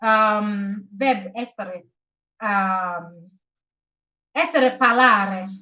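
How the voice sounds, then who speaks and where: A woman teaching on a live stream who talks in a slow, halting way, with many fillers as she writes, and who repeats verb forms and encourages her viewers. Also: mid-range voice, sharp tone. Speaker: Italian language tutor on a live stream. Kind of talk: live-stream language lesson. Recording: echoey, slightly dull live-stream audio.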